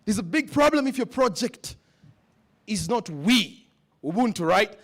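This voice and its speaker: A man's voice: extremely high pitch, big pitch swings, a little slow. A man speaking at a leadership summit, giving a motivational speech that repeats questions to the audience. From West Africa. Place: conference hall.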